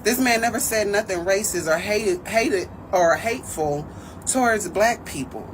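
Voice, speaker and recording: A woman's voice: medium pitch, unhurried, a little hiss or hum, poor audio. A woman earnestly giving her opinion in a casual, emphatic way.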